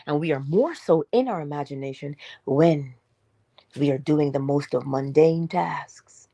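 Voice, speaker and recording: A woman with a fairly low voice delivers a motivational morning talk. She speaks straight to her listeners, swinging from emphatic bursts to hushed, near-whispered asides and asking rhetorical questions like a preacher. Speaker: inspirational speaker.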